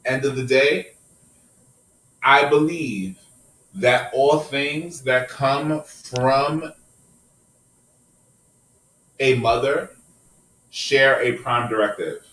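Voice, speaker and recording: Male podcast host, heated and profane, preachy delivery, medium pitch. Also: drawn-out words, long pauses, a bit bright, echoey room, recorded from a distance, poor audio. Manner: impassioned, profane, preachy rants. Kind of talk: passionate casual podcast discussion.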